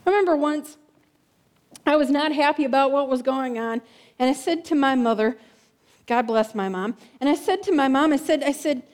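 A woman pastor preaching earnestly in a church, repeating key words and often asking "right?", sometimes dropping soft and slow. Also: sits high. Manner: drops soft and slow on emotional lines. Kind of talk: sermon.

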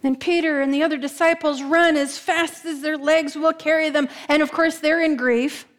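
A woman preacher telling a story in a sermon, slowing down and dropping her voice soft for emphasis. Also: high-pitched, steady tone.

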